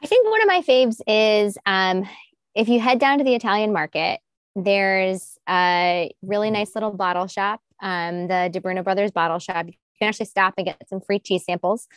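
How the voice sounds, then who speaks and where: A woman's voice: medium pitch, moderate pace, clear, resonant tone, no room sound. Upbeat woman on a dry mic. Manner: enthusiastic, laughs often. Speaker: guest. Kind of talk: casual chat.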